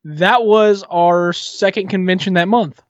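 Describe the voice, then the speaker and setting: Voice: mid-range voice, steady tone, measured pace, dry recording, lo-fi sound. Chatty co-host in casual talk. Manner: chatty, interjecting, swears casually. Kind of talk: casual chat.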